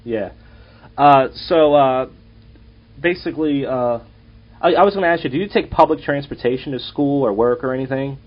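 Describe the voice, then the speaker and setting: A young man with a mid-range voice, speaking at normal speed, hosts a casual podcast and tells rambling, profane stories. He's a podcast host and comedian, and the lo-fi audio sounds dull.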